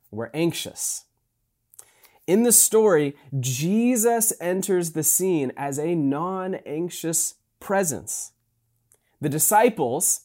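A man preaching a sermon as a pastor in a relaxed, conversational way, with fillers and restarts as he reads and explains scripture. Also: on the high side.

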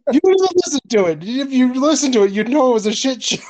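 A man's voice: very high voice, lively intonation, fast, a little mellow, no echo. A man co-hosting a podcast in casual chat, blunt and profane, laughing often. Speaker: podcast co-host.

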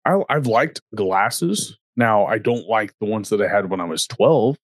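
Low-voiced man in dry casual chat. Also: animated, a little slow, no room sound. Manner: rambling, with frequent restarts. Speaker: podcast co-host.

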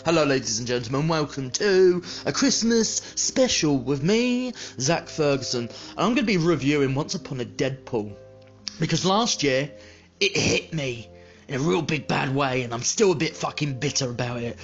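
A man's voice: on the high side, expressive, normal speed, lo-fi sound, soft background music. A man hosting a podcast, delivering a heated, sweary film review in a bitter tone.

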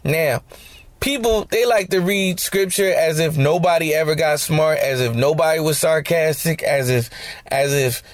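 A man's voice: fairly high pitch, a little slow, dry recording. A man hosting a podcast, teaching scripture in a conversational, slangy way with joking asides. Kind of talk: casual Bible teaching.

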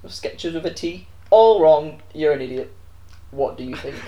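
A man's voice: fairly high pitch, normal speed, mellow. A man co-hosting a podcast in casual chat, quizzing and teasing his co-host.

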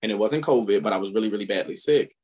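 Animated man telling a story on a podcast. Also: rapid-fire. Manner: animated storytelling with frequent laughter; emphatic, rising pitch on indignant remarks. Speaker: podcast co-host. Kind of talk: casual chat.

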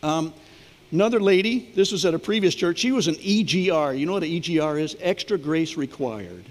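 A man's voice: a little high, animated, a little fast, long reverb tail. A middle-aged man, a pastor, preaching a sermon and telling stories that act out the voices of the people in them. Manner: storytelling, acts out quoted voices.

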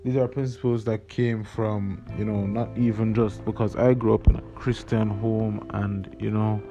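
A man's voice: fairly low pitch, flat delivery, normal speed. A young man raised in Jamaica talks casually as a podcast host, hesitant and full of fillers. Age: young adult. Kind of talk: casual spoken reflection with readings. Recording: dull lo-fi recording over guitar music. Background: plucked guitar music.

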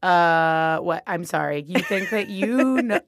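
A woman's voice: lowish voice, animated, slow pace, no echo, studio quality. Bubbly woman hosting a news podcast. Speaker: podcast host.

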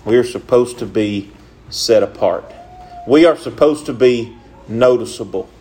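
A man's voice: mid-range voice, measured pace, mellow, slight background noise. Man, preacher, earnest sermon, repetitive phrasing, folksy grammar, mid-range voice.

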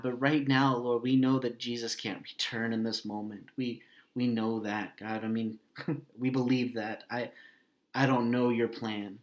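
A man preaching as a pastor, earnest and emotional, pausing often and dropping his voice soft and low. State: grieving, voice heavy with hurt. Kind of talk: sermon and prayer.

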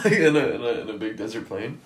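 A man's voice: medium pitch, animated, normal speed, a bit bright. A young man in casual chat, crude and joking, laughing often. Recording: echoey room.

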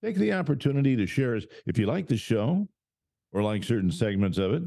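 A man's voice: medium pitch, sing-song, a little fast, vocal fry, mellow, no room sound, clean studio sound. A man co-hosting a casual political talk show, blunt and wisecracking. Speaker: co-host.

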